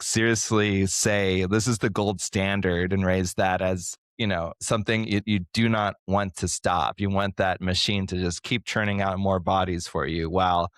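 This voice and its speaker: A man's voice: fairly low pitch, fairly bright tone, clear, resonant tone, dry recording, studio quality. A man co-hosting a podcast, speaking earnestly and with indignation while reading aloud from articles. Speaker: podcast co-host. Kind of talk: casual podcast discussion.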